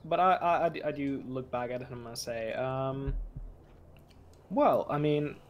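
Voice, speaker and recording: A man's voice: mid-range voice, moderate pace, highs cut off, a little hiss or hum. A man playing a tabletop fantasy game, speaking hesitantly with many restarts. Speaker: player. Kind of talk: casual role-play.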